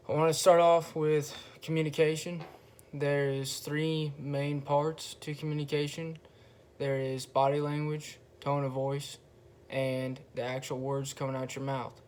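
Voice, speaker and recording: A young man talks on his own in a laid-back, unhurried way, his voice staying flat and even with little rise or fall. A faint bed of room noise sits under him as he pauses and swears his way through a casual monologue. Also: on the high side. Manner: slow, flat, relaxed delivery with pauses and frequent swearing. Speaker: podcast host.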